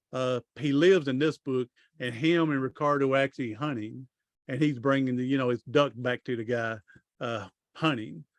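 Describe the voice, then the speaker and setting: A man's voice: medium pitch, no room sound. A middle-aged man, a podcast guest telling long stories in a rambling, folksy way, often restarting his sentences. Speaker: podcast guest, author and speaker. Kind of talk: casual storytelling interview.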